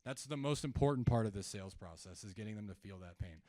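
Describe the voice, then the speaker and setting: A man's voice: fairly low pitch, expressive, fast talker, dark tone, no echo, clean studio sound. Conversational man coaching a live audience. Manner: conversational, asks the audience questions, acts out seller calls. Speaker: sales trainer speaking at an event. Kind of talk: live seminar talk.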